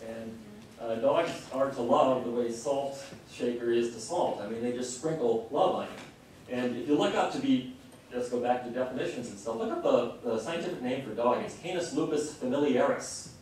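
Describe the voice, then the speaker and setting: The clip captures a middle-aged man's heartfelt, impassioned lecture from a distance, so the hall echoes strongly. He talks at a moderate overall pace that varies, in a medium-pitched, slightly mellow voice, with a little hiss or hum present.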